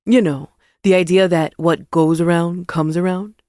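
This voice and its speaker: A woman's voice: lowish voice, fairly even intonation, measured pace, mellow, dry recording, clean studio sound, lightly acted. A woman voicing a sly, teasing young man. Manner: sly and conspiratorial.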